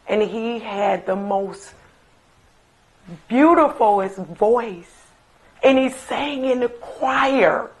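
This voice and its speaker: A middle-aged woman, a mother remembering her late son, telling stories in an interview with slow, emphatic reminiscing and fond asides. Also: fairly high pitch, darkish tone, rough recording. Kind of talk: recorded interview, personal storytelling.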